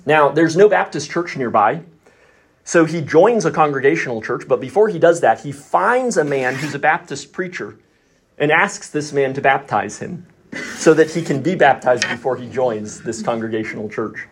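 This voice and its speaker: A man telling a story in a casual, animated way as a podcast guest. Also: on the high side, moderate pace. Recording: noisy recording.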